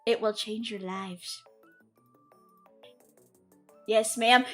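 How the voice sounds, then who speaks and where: A woman streamer chatting casually on a live stream, excitable, swearing and loudly scolding her chat. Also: fairly high pitch, slow pace, pauses often, soft background music.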